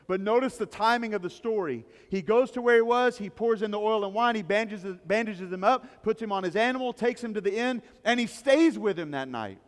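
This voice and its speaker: A man's voice: high voice, brisk, few pauses, long reverb tail. A male pastor preaching a sermon, emphatic and repetitive, telling stories to make his points. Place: church service in a large rented hall.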